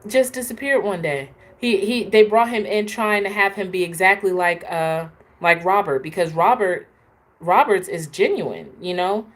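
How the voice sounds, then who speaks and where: A woman's voice: mid-range voice, normal speed. A woman hosting a casual, opinionated live chat, talking straight to her viewers. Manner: chatty, opinionated, answers viewers. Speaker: host.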